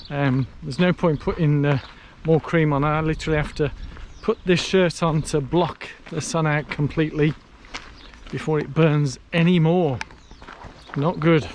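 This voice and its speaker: A man's voice: a little high, slight background noise. Chatty man vlogging on a long walk. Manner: chatty, self-mocking, thinks aloud with fillers. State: tired from hours of walking. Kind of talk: casual walking vlog, talking to camera. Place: outdoors on a canal towpath in hot sun.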